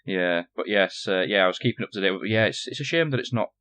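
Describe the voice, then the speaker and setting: A man's voice: fairly low pitch, animated, fast talker, fairly bright tone. A Northern English man co-hosting a gaming podcast, rambling and repeating himself with lots of fillers. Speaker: podcast co-host. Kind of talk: casual podcast chat.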